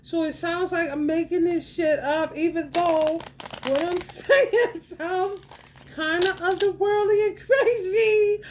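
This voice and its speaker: Woman, spiritual monologue, high voice, slow unhurried delivery, laughs a lot. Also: slight background noise. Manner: animated, laughs often, slangy, swings from loud to soft. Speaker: spiritual reader.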